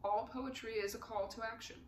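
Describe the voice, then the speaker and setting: A woman's voice: fairly high pitch, fairly even intonation, fairly quick, reverberant, slight background noise, lightly acted. A woman voicing a witty, unflappable aristocratic count who answers with dry, polite humor. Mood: droll.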